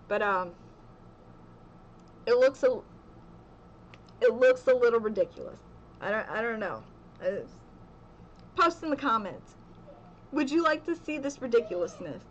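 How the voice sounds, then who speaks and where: A woman's voice: fairly high pitch, dull audio, a little hiss or hum. A young woman telling a story in a casual vlog at home, chatty and laughing often, with "okay" again and again. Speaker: vlogger.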